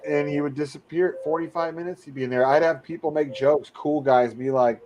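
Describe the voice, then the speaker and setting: A man hosting a casual podcast, telling crude stories full of swearing and jumping into high voices to mimic other people. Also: steady tone, fairly quick, noisy background. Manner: profane storytelling, mimicking people in raised voices. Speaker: podcast host.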